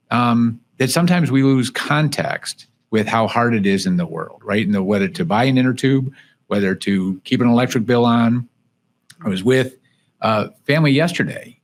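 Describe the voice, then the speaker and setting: Guy hosting a podcast, middle pitch, thoughtful and reflective, lots of "right?". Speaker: podcast host. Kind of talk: conversational interview reflection.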